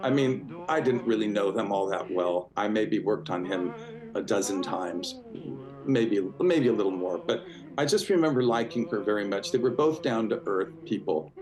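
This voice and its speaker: His voice sits on the low side and moves at a moderate pace, captured in a rough recording. He's a man in his sixties being interviewed casually, and his storytelling is warm and chatty, with plenty of fillers, restarts, and acted-out quotes.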